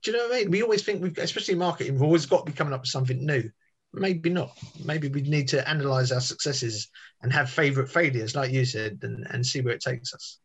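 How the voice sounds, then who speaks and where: A man's voice: mid-range voice, quick pace, breathy edge. A man, telling a rambling story in casual podcast chat. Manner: chatty, rambling with restarts and tangents. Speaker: podcast guest.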